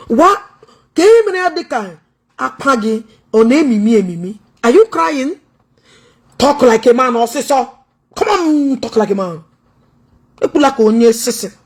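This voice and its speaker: Husky high-voiced Nigerian woman taunting. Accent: Nigerian, Igbo. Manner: taunting, confrontational, loud and teasing. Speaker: online commentator. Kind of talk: mocking commentary vlog, mixing Igbo, English and Pidgin.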